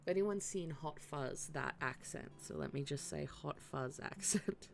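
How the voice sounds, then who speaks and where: A woman's voice: sits low, unhurried, gravelly, soft background music. A woman live-streaming a game, chatting casually and thinking aloud in a chatty, self-deprecating way. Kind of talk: casual gaming stream chat.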